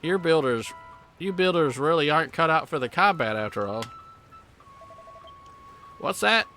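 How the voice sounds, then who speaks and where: A man's voice: a little high, animated, measured pace, pushed and bright, slight background noise, voice pushed up, exaggerated voice. A man voicing a cocky, taunting sailor who picks fights, in a put-on Southern drawl. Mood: mocking. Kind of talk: reading game dialogue aloud.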